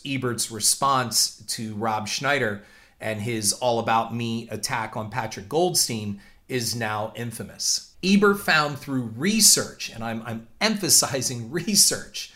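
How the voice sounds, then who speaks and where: Bright-voiced man telling a story. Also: mid-range voice. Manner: animated, repeats words while talking. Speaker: podcast host. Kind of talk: storytelling commentary.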